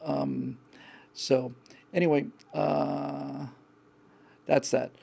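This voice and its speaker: Gravelly, mellow-voiced man giving blunt advice. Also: mid-range voice, flat delivery, extremely slow. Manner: blunt, frank, rambling with repeated restarts. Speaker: host. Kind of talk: live call-in advice talk.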